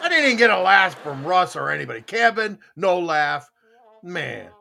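Man, podcast host, animated voice, bright, jokey, reads chat. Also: high-pitched, moderate pace, creaky, some chatter behind. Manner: lively, jokey, laughs easily. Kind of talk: casual chat, reading live chat.

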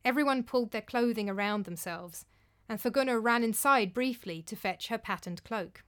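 A woman narrating a storybook tale in a calm, measured, clear way. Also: a little high.

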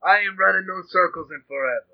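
A man plays a shifty character in a tabletop game, brash and full of curses. His voice sits a bit high. The audio is dull and lo-fi. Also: quick pace, creaky. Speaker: player. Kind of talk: tabletop role-play in character.

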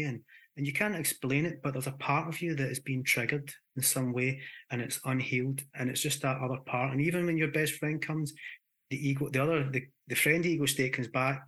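Scottish male therapist guest, crisp bright voice, animated talker. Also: mid-range voice. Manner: animated, explains with acted examples and restarts. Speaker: hypnotherapist guest. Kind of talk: conversational explanation.

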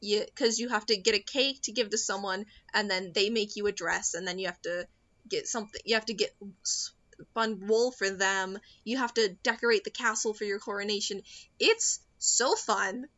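A woman's voice: medium pitch, moderate pace, fairly bright tone. A young woman in casual chat, rambling and giggling as she recaps a movie and acts out the characters' lines. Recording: dull lo-fi sound.

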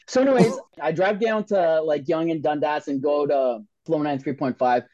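A man, telling a story on a podcast in an excitable, profane way and acting out the voices of the people in it. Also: sits high, fairly quick, slight background noise. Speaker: podcast guest. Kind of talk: casual storytelling chat. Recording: dull, dry podcast audio.

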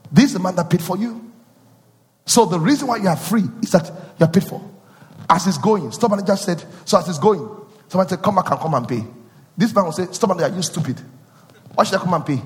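A male preacher with a high voice delivers a sermon, drenched in a long reverb tail. He repeats phrases and questions his listeners, building from quiet teaching to sung and shouted peaks.

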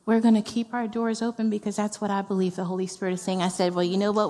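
A woman's voice: medium pitch, level tone, fast talker, mellow, a faint crowd. Woman pastor, heartfelt sermon, conversational and emphatic, echoing church hall. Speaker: executive pastor. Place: church sanctuary.

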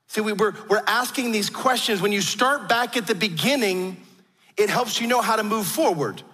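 A man's voice: high voice, normal speed, bright, forceful tone, breathy edge. A man preaching a sermon, telling stories earnestly with frequent restarts. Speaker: pastor. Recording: long hall reverb.

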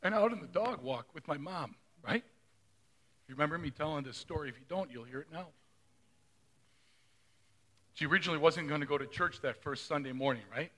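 A man's voice: fairly high pitch, lively intonation, brisk, pauses often, sharp tone. A middle-aged male pastor preaching a sermon in a conversational way, often asking the congregation questions.

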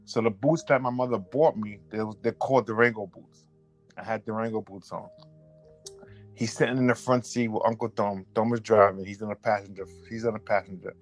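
A man's voice: fairly low pitch, brisk, soft background music. A man telling a personal story in a casual way. He talks animatedly and often repeats himself and starts his sentences over. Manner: animated, repetitive, restarts and self-corrections. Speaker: storyteller recounting a memory.

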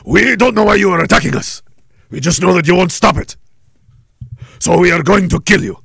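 A man voicing a menacing, gravelly man who delivers cold threats in a flat, matter-of-fact way. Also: high-pitched, a little fast, no room sound, studio quality, heavily acted. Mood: coldly threatening. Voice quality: gravelly, husky.

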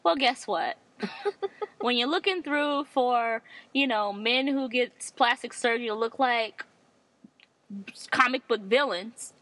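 A woman's voice: on the high side, slow pace, fairly bright tone, dry recording. A woman co-hosting a podcast in casual chat, speaking candidly and swearing freely. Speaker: podcast co-host.

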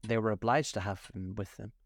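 A man reading a storybook aloud, voicing a melancholy, touchy mock turtle who speaks slowly and solemnly. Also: lowish voice, steady tone, creaky. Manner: slow, solemn, easily offended.

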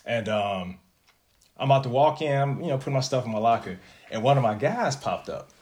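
A man's voice: mid-range voice, lively intonation, brisk, a little mellow. A man telling a story in a casual chat, laid-back and slangy, with plenty of cursing.

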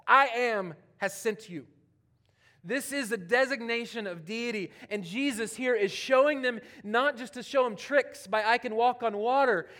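Male pastor, higher voice, animated sermon delivery, casual asides, big swings between loud and soft. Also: a little slow. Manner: animated, swinging from loud emphatic preaching to quiet near-whispers; conversational, with casual asides and playful quoted voices.

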